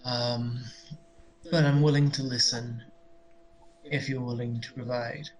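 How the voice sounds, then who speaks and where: A man's voice: medium pitch, fairly even intonation, unhurried, lo-fi sound, slight background noise. A man playing in a tabletop game, talking casually and hesitantly with many fillers. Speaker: player.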